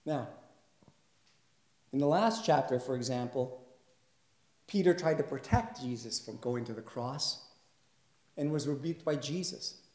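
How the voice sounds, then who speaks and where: A male pastor preaching a sermon in a conversational way. He asks his listeners questions and builds to loud, emphatic passages. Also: mid-range voice, animated, measured pace, pauses often. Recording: echoey room.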